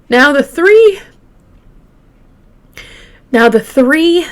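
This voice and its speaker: Slow, emotional true crime storyteller woman. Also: a little high. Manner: conversational, halting, with frequent fillers and restarts; openly emotional, lingering on grim details. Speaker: true crime podcast host.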